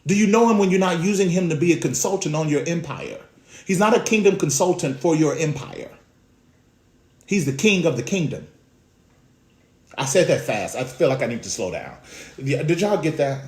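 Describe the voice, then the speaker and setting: A man preaching a sermon as a pastor, swinging between loud bursts and hushed asides. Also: medium pitch, reverberant.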